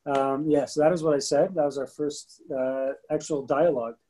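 A man in his thirties co-hosts a casual podcast and tells a story with lively energy. His voice sits a little high, with a husky, mellow tone. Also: moderate pace, low-quality recording. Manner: animated storyteller, bursts into rapping. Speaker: podcast co-host.

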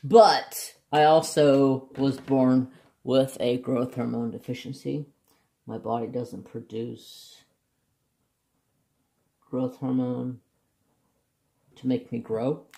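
A man's voice: medium pitch, steady tone, slow pace, creaky, long pauses, mellow. A man chatting casually and jokingly as he swatches markers for his craft vlog. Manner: chatty, joking, self-deprecating. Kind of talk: casual chat.

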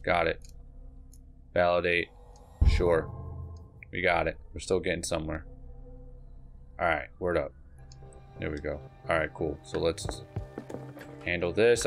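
A man's voice: deep voice, steady tone, normal speed, pauses often, faint music behind. A young man giving casual let's-play commentary, jittery and swearing, repeating himself as he plays. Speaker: gamer.

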